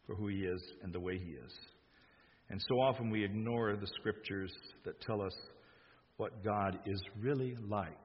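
Husky male preacher, emphatic sermon delivery, dull lo-fi recording. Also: mid-range voice. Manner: emphatic, acts out quoted lines with rising force. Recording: dull sound with long hall reverb.

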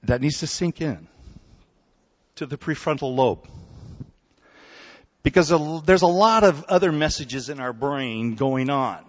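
A man preaching a sermon in a relaxed, conversational way, telling stories and often checking in with his listeners. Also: fairly high pitch, a little slow, long pauses. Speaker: pastor. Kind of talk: sermon with storytelling. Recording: dull recording in a hall with long reverb.

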